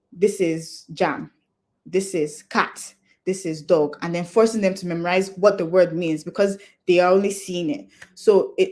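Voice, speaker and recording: A young woman addresses a conference audience in a slightly low voice. She explains her points patiently and earnestly, like a practical adviser. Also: warm tone. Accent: non-Nigerian English accent. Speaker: conference speaker. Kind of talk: talk to an audience.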